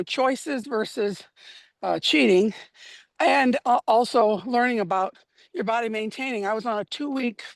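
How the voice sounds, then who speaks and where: A woman's voice: a little high, no room sound. A woman chiming in during a group chat, talking hesitantly and conversationally.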